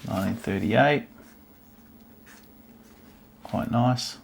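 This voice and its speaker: A man's voice: medium pitch, extremely slow, vocal fry, husky. A man hosting a stamp collecting channel, chatting casually and musing aloud as he pages through an old album, easily delighted by what he finds. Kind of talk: casual chat while browsing an album.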